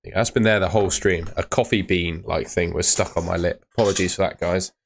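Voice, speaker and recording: Low-voiced man chatting on stream. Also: fairly even intonation, a little fast, creaky. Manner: chatty, reads out viewer comments with filler words. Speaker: host of a fantasy football live stream. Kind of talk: casual live-stream chat.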